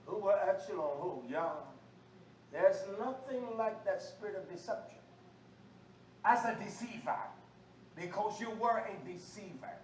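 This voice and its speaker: High-voiced fiery male preacher. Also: a little slow. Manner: preaching with call-and-response, swinging from low talk to shouting. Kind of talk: fiery sermon. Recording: echoey room, far from the mic, faint noise.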